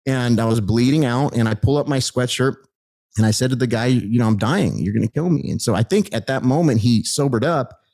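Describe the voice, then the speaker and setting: A middle-aged man telling his life story as a guest in an animated, excited way, acting out the people he met. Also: medium pitch, brisk.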